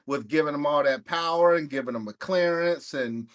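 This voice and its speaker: A man hosting a casual podcast chat, loud, profane and joking with his friends. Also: fairly high pitch, moderate pace. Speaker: podcast host.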